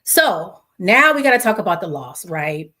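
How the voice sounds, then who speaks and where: With a sing-song, sharp-toned voice at a moderate clip, this Los Angeles-area woman shares a heartfelt story of her own on the show she hosts. She stays chatty and relaxed, voicing other people's lines with big pitch swings.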